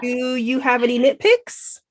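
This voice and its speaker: Emphatic, high-voiced American woman. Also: unhurried, dry recording. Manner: emphatic, animated. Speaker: podcast co-host. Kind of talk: casual book review chat.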